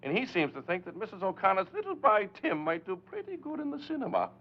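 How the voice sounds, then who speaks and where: A man's voice: sits high, huge pitch swings, fast, heavily acted. An actor playing a breezy, teasing song-and-dance man who laughs often, in 1940s film acting. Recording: dull old film soundtrack.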